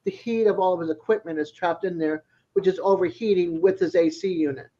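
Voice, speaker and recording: Chatty high-voiced man, Boston accent. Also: brisk, dark tone. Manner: chatty, laughs often. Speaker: live stream panelist. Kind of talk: casual chat. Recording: dull lo-fi stream audio.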